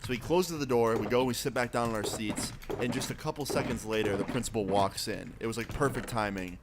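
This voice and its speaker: A young adult man streamer telling a story in a casual, profane, animated way, with a noisy background of keyboard clicks. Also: mid-range voice, fairly quick.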